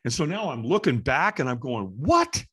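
A middle-aged man, a guest in an interview, telling a story with energy and acting out the voices and shouts of the people in it. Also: mid-range voice, brisk, breathy edge. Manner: lively, acts out quoted voices and shouts. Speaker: interview guest, firewalk instructor.

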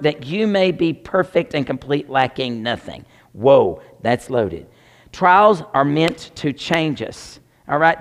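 Joking, animated preacher man. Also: on the high side. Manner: animated, joking, talks to the congregation directly. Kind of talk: sermon.

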